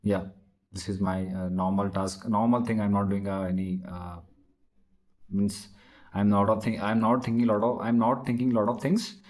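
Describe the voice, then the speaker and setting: Mellow-voiced man, halting and searching. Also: fairly low pitch, flat delivery, rough recording. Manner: halting, searching for words, many restarts. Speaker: English learner practicing speaking. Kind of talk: spoken practice conversation.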